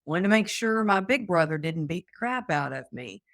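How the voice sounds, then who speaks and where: A woman's voice: fairly low pitch, moderate pace, no echo, clean studio sound. A woman from Texas, a guest on an interview show, telling her own story with energy and acting out the voices she quotes. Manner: animated, acts out quoted voices.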